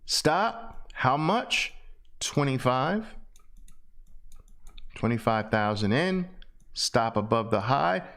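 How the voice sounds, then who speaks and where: A middle-aged man leads a trading lesson in a lively, swooping voice. He talks at an unhurried pace, repeats his phrases, and punctuates his points with loud exclamations. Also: mid-range voice. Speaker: trading instructor. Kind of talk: screen-share trading lesson.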